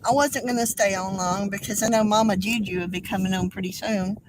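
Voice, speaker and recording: Older woman, halting and tearful. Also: medium pitch, steady tone, background noise. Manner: tearful, halting, apologetic, with many fillers. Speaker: craft livestream host. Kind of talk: casual craft livestream chat.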